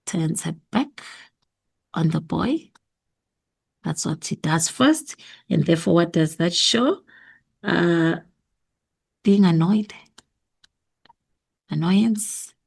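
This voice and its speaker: A woman's voice: lowish voice, lively intonation, slow, creaky, long pauses, husky. A woman with a South African accent going over an exam memo, thinking aloud and repeating her answers. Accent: South African English. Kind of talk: exam revision lesson.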